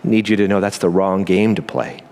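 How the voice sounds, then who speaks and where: A man preaching a sermon as pastor, earnest and emphatic, with quick asides and slow pauses. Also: sits low, darkish tone, a little hiss or hum.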